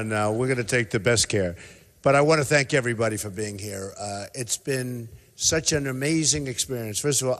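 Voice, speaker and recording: An older man giving an emphatic, rambling, repetitive campaign rally speech in a hotel convention hall. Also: mid-range voice. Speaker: political candidate speaking at a rally. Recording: echoey convention hall with long reverb.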